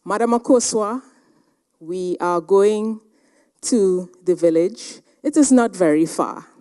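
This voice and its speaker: A woman playing a patient, polite male driver who speaks slowly and calmly. He keeps reassuring his passenger in an even, unhurried way. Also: medium pitch, natural voice.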